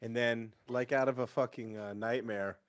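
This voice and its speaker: A man's voice: mid-range voice, moderate pace, dry recording, clean studio sound. A young man guest on a casual online show, telling a rambling story full of swearing. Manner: profane, animated storyteller doing voices. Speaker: podcast guest.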